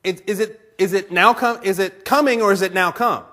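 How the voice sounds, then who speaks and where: A male pastor with a twang gives a sermon in church, and his voice sounds bright and a little high. He tells his stories with plenty of laughter and acts out both sides of little conversations. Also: a little fast. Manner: animated storytelling, laughs often, acts out conversations.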